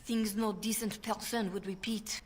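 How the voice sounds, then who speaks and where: A woman's voice: mid-range voice, fairly even intonation, moderate pace, lightly acted. A woman voicing an anxious young handmaiden to a queen, speaking with a heavy French accent in an earnest, pleading way. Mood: urgent.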